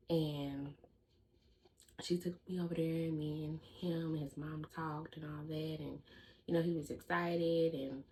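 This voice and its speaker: Young adult woman, lively storyteller who talks straight to her viewers, slightly low voice. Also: normal speed, slight background noise, low-quality recording. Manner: lively, chatty storytelling that addresses viewers as "y'all". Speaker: vlogger. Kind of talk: casual storytime.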